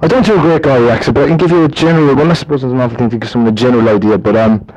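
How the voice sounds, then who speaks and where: A man's voice: racing, few pauses, darkish tone, poor audio. Chatty Irish man from Limerick. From Ireland. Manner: chatty, rambling, jumpy pitch. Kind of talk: casual recorded self-introduction.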